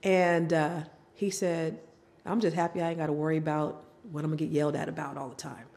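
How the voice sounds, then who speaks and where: A woman's voice: sits low, a little fast. A middle-aged woman telling her own story as a guest, acting out what her family members said. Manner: animated, acts out family members' lines in voices. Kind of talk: candid personal storytelling.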